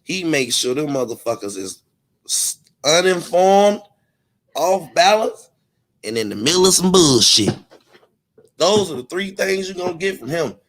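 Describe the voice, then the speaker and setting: A man hosting his own commentary channel, ranting in a casual, profane way and mocking others with quick impressions. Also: fairly high pitch, very animated.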